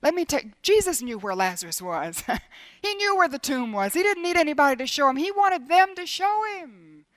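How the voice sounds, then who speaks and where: High-voiced woman preaching earnestly. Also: normal speed, no echo. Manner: earnest, lively, varying between emphatic and hushed; repeats phrases for emphasis. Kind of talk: sermon.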